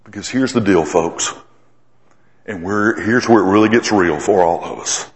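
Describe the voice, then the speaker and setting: A man preaching a sermon, rising to loud emphasis and then dropping to hushed asides. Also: on the low side, normal speed. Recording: echoey hall with long reverb.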